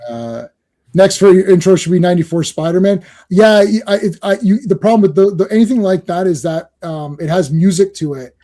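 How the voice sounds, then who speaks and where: A man's voice: high-pitched, expressive, a little fast, mellow. A middle-aged Canadian man hosting a casual livestream chat, talkative and laughing often. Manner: chatty, laughing, breaks into silly voices. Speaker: podcast host.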